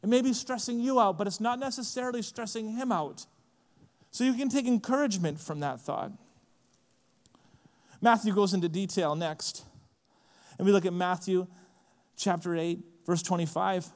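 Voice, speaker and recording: A man preaching a sermon in a casual, animated way, often saying "like", at a conference. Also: high voice, moderate pace, in a large hall. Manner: lively, casual, frequent "like" fillers. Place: large conference hall.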